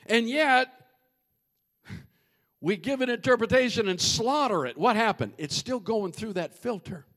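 A man preaching a humorous, animated sermon and addressing the congregation directly. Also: very high-pitched, a little slow.

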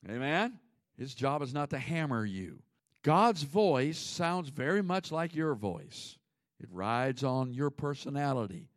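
A man preaching a sermon as pastor, conversational, with sudden swings between loud emphasis and hushed asides. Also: mid-range voice, no echo, clean studio sound.

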